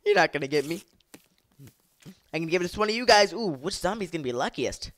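A man giving casual gameplay commentary, excitable, shouting at the game, laughing often and rambling to himself in between. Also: fairly high pitch, fast talker, noisy background. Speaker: gamer.

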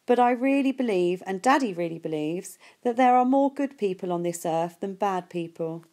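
Gentle, reassuring mother, read by a woman, warm mellow tone. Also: medium pitch, lively intonation, moderate pace, natural voice.

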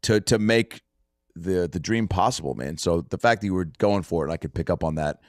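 A man hosting a casual podcast chat, telling stories in an animated way and swearing freely. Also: sits low, brisk, no echo, clean studio sound. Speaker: podcast host and comedian.

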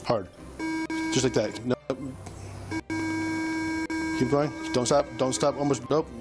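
A man's voice: mid-range voice, slow pace, over loud music. A male police officer coaching a suspect through a breath test with short, repeated commands. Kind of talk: bodycam field recording.

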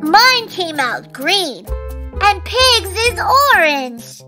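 Here's a very high, sing-song cartoon fox, bright and cheerful, talking very slowly. Children's music plays clearly underneath. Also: female voice, sing-song, full character voice.

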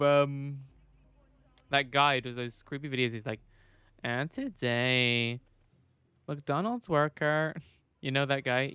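A man's voice: medium pitch, creaky, bright, forceful tone, smooth, no room sound. A man giving playful, casual commentary while playing a game and reading its dialogue aloud. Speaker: gaming YouTuber.

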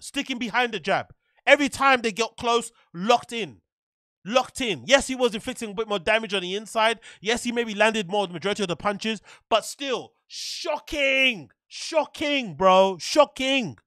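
Young podcast host, bright tone, animated and profane rant, keeps firing the same question. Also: male voice, high-pitched, no room sound. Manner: animated, exasperated, profane, repeats his questions. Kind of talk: ranting commentary.

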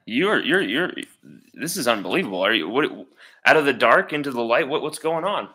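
A man's voice: mid-range voice, lively intonation, brisk, sharp tone, rough recording. Enthusiastic encouraging male interview host.

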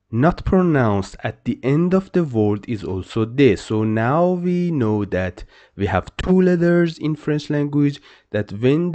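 Slow, deliberate male language teacher. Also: on the high side, mellow, muffled recording. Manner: repeats each example word several times, drawn out. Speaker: French teacher. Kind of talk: slow, repetitive pronunciation lesson.

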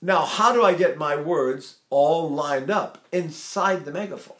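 A man's voice: fairly high pitch, measured pace, a bit bright. Older male voice teacher, echoey room. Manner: rambling, demonstrates by singing and mimicking. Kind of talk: vocal lesson talk.

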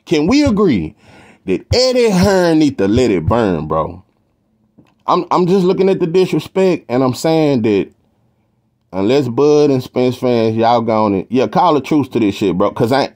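A Texan man hosts a casual boxing talk show, his voice sitting at an ordinary middle pitch. He rambles and restarts, leaning on slang and profanity to hammer his opinions home. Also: very animated, measured pace, darkish tone. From Texas.

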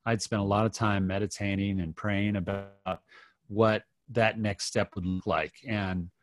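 A man's voice: lowish voice, little pitch movement, measured pace, dry recording. A middle-aged man, a podcast guest, telling a personal story in an earnest, reflective way with many restarts.

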